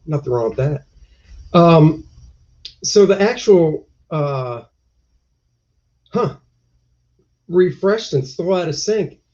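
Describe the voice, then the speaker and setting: A man chats casually on a livestream. His voice sits a little high and mellow, and he rambles from joke to joke with wisecracking asides. The sound is dull and lo-fi. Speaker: comic artist reviewing a convention. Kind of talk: casual livestream chat reading viewer comments.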